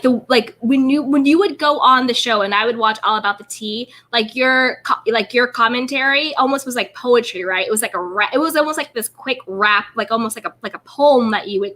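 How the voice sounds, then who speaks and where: A woman's voice: fairly high pitch, sharp tone. A woman hosting an interview, talking casually and emphatically, leaning heavily on "like" and repeating words. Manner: emphatic, repetitive, fills with "like". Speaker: host.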